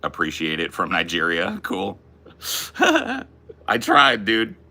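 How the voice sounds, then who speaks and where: A young man chats on his podcast in a laid-back, profane way, tossing in dude and bro. His voice sits a little low and is strikingly bright. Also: huge pitch swings, slow. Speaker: podcast host. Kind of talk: casual chat.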